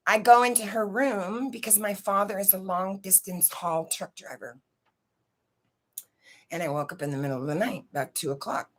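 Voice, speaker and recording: A woman's voice: fairly low pitch, bright, forceful tone. A woman telling a personal story in a casual, rambling way, swearing freely and often checking in with her listeners. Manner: profane, rambling, keeps asking "right?".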